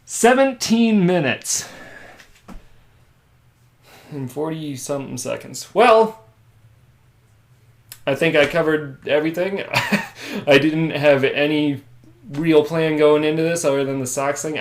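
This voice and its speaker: A man's voice: on the high side, unhurried. A man hosting a casual solo podcast from a room at home, rambling and self-deprecating. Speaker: podcast host.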